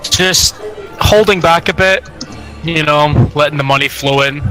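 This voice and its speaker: A man's voice: fairly high pitch, measured pace, sharp tone, soft background music, poor audio. A man playing a tabletop game, casual, crude and laid-back, swearing freely. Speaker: player.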